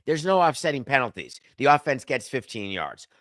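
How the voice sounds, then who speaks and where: A middle-aged sports podcast host with a medium-pitched, slightly bright voice speaks briskly and very animatedly. He delivers an emphatic, sardonic opinion monologue, arguing with himself, in clean studio sound with no echo.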